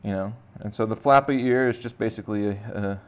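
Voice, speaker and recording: A man with a fairly low voice talks a little fast. He's an art teacher giving kids a casual drawing lesson, rambling, joking and thinking aloud as he sketches.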